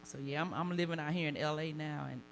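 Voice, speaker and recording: A woman from the Deep South with a Southern accent, performing bawdy, animated live stand-up comedy and laughing at her own jokes. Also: fast, slight background noise, low-quality recording. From Deep South of the United States. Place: comedy stage before a live audience.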